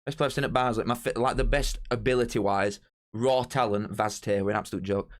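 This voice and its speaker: A young man chatting casually on a live stream as host, excitable and bantering straight to his viewers. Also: lowish voice, a little fast. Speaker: streamer hosting a live watch-along.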